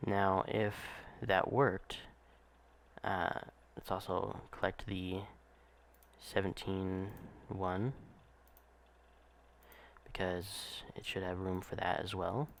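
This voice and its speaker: A man with a deep, gravelly voice talks through a game step by step in a relaxed, explanatory way, pausing often on ums and uhs. A faint hum sits under his voice. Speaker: gameplay narrator. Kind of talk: casual gameplay walkthrough.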